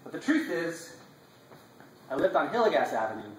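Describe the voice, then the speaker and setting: A man giving an impassioned, inspirational live talk, emphatic with drawn-out phrasing, recorded from a distance in a live salon room. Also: on the high side, very animated, reverberant, slight background noise. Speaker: speaker presenting his class.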